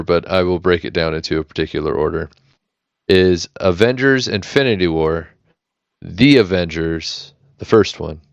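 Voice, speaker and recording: A man's voice: sits low, vocal fry, clear, resonant tone, dry recording. An American man hosting a casual podcast chat, rambling, joking and correcting himself as he goes. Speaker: podcast host keeping the notes. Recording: dull lo-fi mic, dry.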